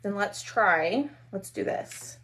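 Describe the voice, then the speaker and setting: A woman's voice: mid-range voice, sing-song, slow pace. A woman hosting a casual craft live stream, chatting with viewers while she works. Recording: faint background noise.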